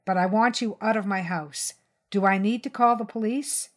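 A woman's voice: mid-range voice, moderate pace, close to an everyday voice. A woman voicing a protective mother. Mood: stern. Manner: soothing, then cold and commanding. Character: protective mother of young boys, firm.

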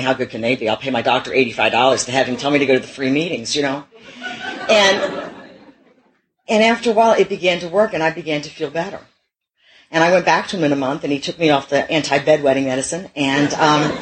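A woman's voice: deep voice, a little hiss or hum, rough recording. A middle-aged woman telling her own recovery story to a meeting, candid and self-mocking, with wry humor. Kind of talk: personal recovery talk.

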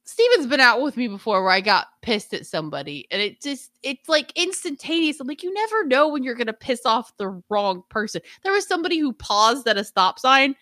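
A brash woman on a stream, blunt and quick to swear as she acts out the people she talks about. Her voice is high and bright, and it leaps around a lot. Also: big pitch swings, no echo, studio quality. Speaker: streamer co-host. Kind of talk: casual chat.

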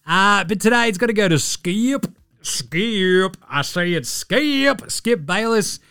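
Excitable, foul-mouthed Australian man. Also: sits high, slow, smooth, dry recording, studio quality. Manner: profane, excitable, mocking. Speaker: podcast host. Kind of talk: casual sports podcast chat.

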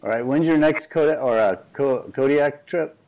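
A man's voice: a little high, normal speed, darkish tone, low-quality recording. Guy hosting a podcast, easygoing, asks questions. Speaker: podcast host. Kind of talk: casual podcast chat.

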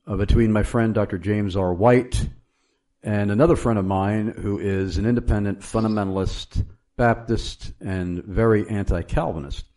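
A man's voice: on the low side, fairly even intonation, moderate pace, warm tone. A man hosting a theological discussion, telling an anecdote with frequent hesitations. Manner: storytelling, frequent uh fillers. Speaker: host.

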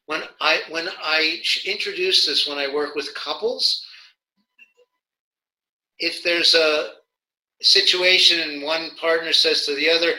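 A bright, slightly high-voiced man explains things haltingly, restarting many times and acting out the examples he quotes. He's a nonviolent communication educator appearing as a guest in a conversational interview, captured on a rough recording.

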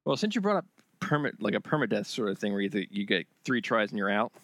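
A man co-hosting a gaming podcast, reacting quickly and fumbling words as he talks. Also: on the low side, sing-song, fairly bright tone, no echo. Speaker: podcast co-host. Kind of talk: casual chat.

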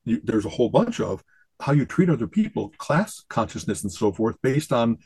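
A man co-hosting a podcast, chatting casually in an animated, jokey way and often asking "you know what I mean?". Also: mid-range voice, moderate pace, slightly rough, no room sound. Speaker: podcast co-host. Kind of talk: casual chat.

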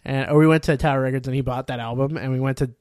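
A man's voice: medium pitch, fairly even intonation, racing, darkish tone, slight background noise. A man, hosting a casual podcast and rambling through stories with lots of put-on voices. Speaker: podcast host. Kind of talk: casual chat.

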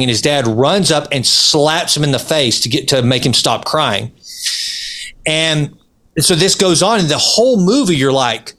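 Middle-aged man telling stories on a podcast. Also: mid-range voice. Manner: animated storyteller. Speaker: podcast co-host. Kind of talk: casual podcast chat.

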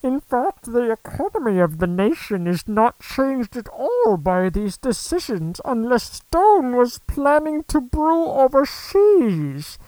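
A man doing a whiny, high-pitched online commenter. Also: very animated, warm tone, no echo, heavily acted, low-quality recording. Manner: drawn-out, complaining.

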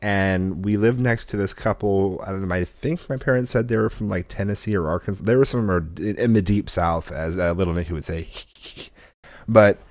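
A man with a somewhat low voice tells a long, rambling story in a casual chat. He laughs often and backtracks as he goes. The sound is close and dry, with no room around it. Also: normal speed, a little mellow, no echo. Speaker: podcast co-host.

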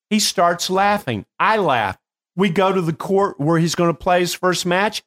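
An older man hosting a show as a coach, telling stories in a casual, animated way with bursts of laughter. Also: high-pitched, measured pace. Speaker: host and performance coach. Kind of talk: casual storytelling.

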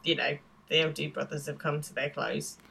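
A woman's voice: sits low, steady tone, normal speed, gravelly, a bit bright. A woman co-hosting a podcast, casually recapping a TV episode, chatty and laughing, with many ums and yeahs. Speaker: podcast co-host.

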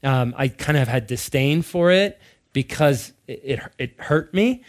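Animated man telling stories in a sermon. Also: mid-range voice, measured pace. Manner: animated, laughing storyteller. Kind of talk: sermon-style storytelling.

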